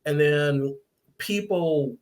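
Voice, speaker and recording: A man's voice: fairly high pitch, drawn-out words, darkish tone. A man hosting a podcast, casually recapping a TV episode, rambling and acting out lines. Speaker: podcast host. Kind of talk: casual review chat.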